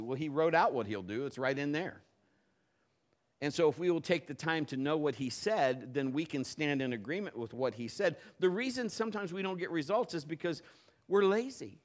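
A middle-aged male pastor delivering a sermon in a somewhat high voice. He tells homespun stories full of restarts and builds from low, quiet teaching to loud, high-pitched preaching. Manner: folksy storytelling with many restarts.

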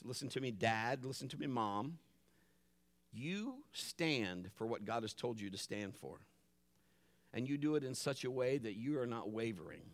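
A middle-aged man preaching a sermon as pastor, animated, acting out his family's voices and dropping to a hush for calm moments. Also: mid-range voice. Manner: drops to a hushed voice for calm moments.

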